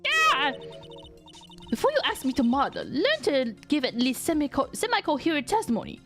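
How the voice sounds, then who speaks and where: A woman's voice: high voice, wildly swooping pitch, fairly quick, over music, voice pushed up, full character voice. A woman voicing an arrogant young female prosecutor from a game, reading her lines aloud with an imperious, scornful delivery.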